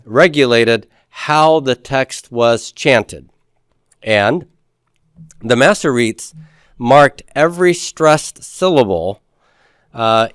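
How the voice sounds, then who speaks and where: A man's voice: mid-range voice, smooth, no room sound, studio quality. Man teaching a Hebrew grammar class. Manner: explains step by step, asks the class questions and answers them. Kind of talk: classroom lecture.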